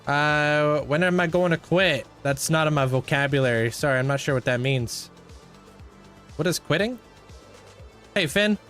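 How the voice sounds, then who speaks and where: Young man, game streamer, relaxed chat, slightly high voice, faint music behind. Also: normal speed, long pauses. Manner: laid-back, thanks and greets viewers by name. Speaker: livestreamer. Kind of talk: casual chat with live viewers while playing.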